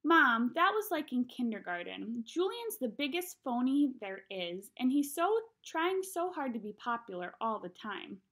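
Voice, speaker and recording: A woman's voice: high-pitched, big pitch swings, a little slow, few pauses, fairly bright tone, exaggerated voice. A woman voicing an exasperated schoolboy of about ten who argues emphatically, reading a storybook aloud. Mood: protesting. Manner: emphatic, protesting.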